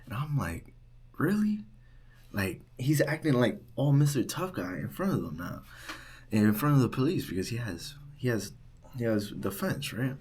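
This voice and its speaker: A young man working as a resident assistant tells a storytime vlog in a casual, animated way, full of "like" and "right?". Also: medium pitch, normal speed, slightly rough. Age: young adult. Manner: animated retelling, heavy use of "like" and "right?".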